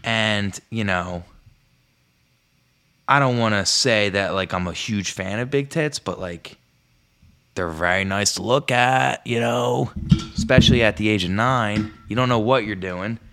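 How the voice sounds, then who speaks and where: A young man hosting a podcast, telling rambling comic stories, swearing often and jumping up in pitch when he quotes himself. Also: measured pace, vocal fry, a bit bright. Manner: rambling, swears a lot, jumps high when quoting himself. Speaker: podcast host. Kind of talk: casual comedic storytelling monologue. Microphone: podcast microphone.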